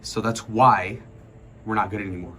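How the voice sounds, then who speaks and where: A man's voice: fairly low pitch, normal speed, soft background music. A man in his twenties on a casual livestream, telling a long story in a rambling, profane way. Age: 20s. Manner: rambling, profane, animated retelling. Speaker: streamer.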